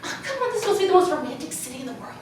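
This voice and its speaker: A woman's voice: extremely high pitch, big pitch swings, very fast, a little hiss or hum, voice pushed up. A woman playing a self-absorbed, ditzy young American tourist on a live comedy stage, bubbly and giggly with lots of filler talk. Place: cabaret piano bar stage. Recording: echoey room from far off.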